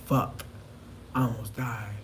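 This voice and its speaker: A woman livestreaming while high on mushrooms, rambling and swearing as she talks to her chat and repeats herself. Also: fairly even intonation, slow, slight background noise.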